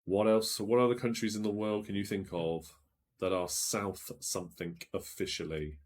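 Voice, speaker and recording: A man's voice: on the low side, steady tone, normal speed, a little mellow. A man hosting a live-streamed quiz, chatting as he reads out viewers' guesses and checks them aloud. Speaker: quiz show host.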